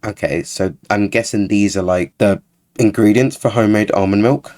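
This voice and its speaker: A man talks through a reaction video in a casual, sarcastic way. His voice sits a little low and he sounds openly exasperated. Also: normal speed, a little mellow. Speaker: YouTuber.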